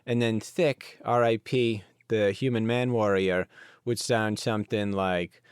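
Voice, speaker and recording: Guy rambling on his podcast, kinda low voice, smooth, dry close mic. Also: steady tone, unhurried, no echo. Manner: rambling, wandering asides. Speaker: podcast host. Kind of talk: casual solo podcast talk.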